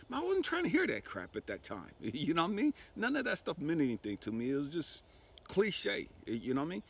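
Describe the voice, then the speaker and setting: A grieving man telling a personal spiritual testimony in a conversational way, often asking "you know what I mean". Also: medium pitch. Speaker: spiritual speaker.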